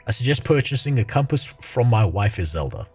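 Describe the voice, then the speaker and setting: A man's voice: on the low side, very animated, brisk, a little mellow, slightly rough, faint music behind, exaggerated voice. A man reading aloud the lines of a cheerful bug mapmaker from a video game. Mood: friendly. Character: chatty male bug mapmaker, cheerful wanderer.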